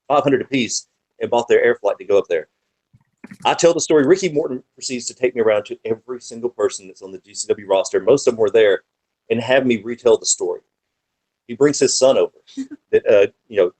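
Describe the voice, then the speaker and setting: A man in a casual podcast chat who rambles through stories with plenty of swearing. His voice sits at an ordinary middle pitch, and his telling is lively and unfiltered. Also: poor audio. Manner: profane, animated, rambling anecdotes. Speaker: podcast guest, wrestling manager.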